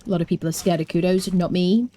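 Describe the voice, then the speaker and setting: An English woman streaming a game, chatting casually and playfully with her viewers and often dropping into quiet asides. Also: on the low side, steady tone, fast talker. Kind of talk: casual live-stream chat while gaming.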